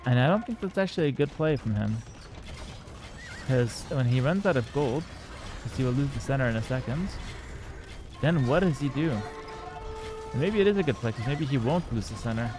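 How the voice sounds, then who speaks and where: A man's voice: medium pitch, animated, normal speed, long pauses, music in the background. A young man, streaming and commenting on a game with cocky, joking banter toward his chat. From Canada. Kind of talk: casual live-stream gameplay commentary.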